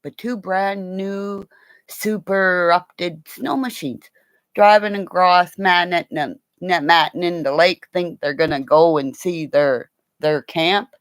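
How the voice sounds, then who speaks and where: A woman with a Canadian accent hosts a livestream from home while lying down, holding her phone as the mic, with no room sound. Her low, slow, smooth voice wanders from topic to topic as she giggles, swears and laughs often.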